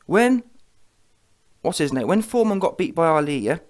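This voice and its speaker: A man's voice: a little high, very animated, moderate pace. A man giving heated, mocking boxing commentary on his vlog and checking in with viewers as he goes. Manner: heated, mocking, keeps asking the viewer "yeah?". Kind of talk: ranting reaction commentary.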